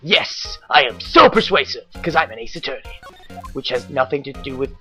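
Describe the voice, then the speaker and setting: A man's voice: mid-range voice, lively intonation, moderate pace, bright, forceful tone, faint music behind. A man giving let's-play commentary full of joking asides and rambling self-corrections. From Canada. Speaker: game player.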